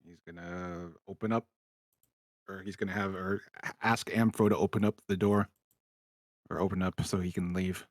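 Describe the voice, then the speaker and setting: A man's voice: sits low, steady tone, moderate pace, no echo, studio quality. A man casually playing a tabletop game, swearing now and then. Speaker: player.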